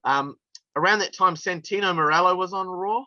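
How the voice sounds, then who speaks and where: A man's voice: sits high, normal speed, bright, forceful tone, dry recording, highs cut off. A male wrestler from New telling stories in a casual interview, chatty and laughing through his anecdotes with plenty of fillers. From New Zealand.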